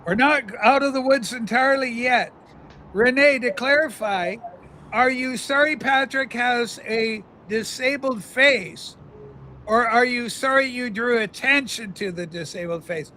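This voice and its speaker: High bright guy hosting a stream from his car, faint hiss behind him, mock-serious teasing. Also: unhurried. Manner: mock-solemn, reading chat aloud with playful exaggeration. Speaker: livestream host. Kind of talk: casual livestream chat.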